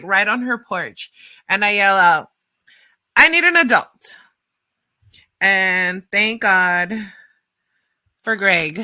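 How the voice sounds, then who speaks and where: A woman radio host telling a rambling story in a casual, animated way, full of fillers and acted-out quotes. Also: mid-range voice, dry recording.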